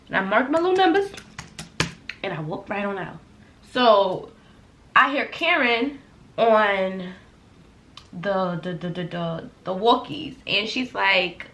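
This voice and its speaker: A young woman telling a heated work story in a casual storytime vlog, acting out the quotes loudly. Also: a little high, a little slow. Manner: animated, heated retelling with loud acted-out quotes. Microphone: laptop camera. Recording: echoey room.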